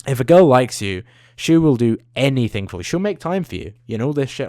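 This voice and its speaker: A man's voice: mid-range voice, lively intonation, moderate pace, dark tone, no echo, studio quality. A young man, ranting into the camera, swearing often and trailing off into tangents. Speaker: vlogger. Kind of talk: profane rambling rant.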